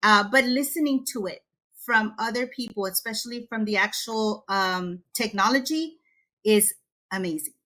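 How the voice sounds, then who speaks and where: Lively woman expert, webinar guest; crisp bright voice, upbeat teacher energy. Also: a little high, moderate pace. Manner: energetic, animated teacher talk. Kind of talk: webinar presentation. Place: Texas.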